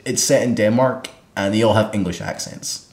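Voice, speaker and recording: A man's voice: on the low side, fairly even intonation, normal speed. A man chatting about films as a co-host, rambling with lots of fillers and laughing often. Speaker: film club co-host. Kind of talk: casual film chat. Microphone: single microphone in front of a camera. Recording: roomy echo.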